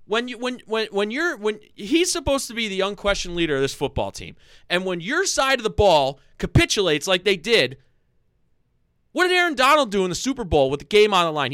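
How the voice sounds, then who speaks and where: Man ranting loudly about football. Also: high voice, smooth, no echo, clean studio sound. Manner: angry, loud, swearing, fast repeated phrases. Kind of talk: heated sports fan rant.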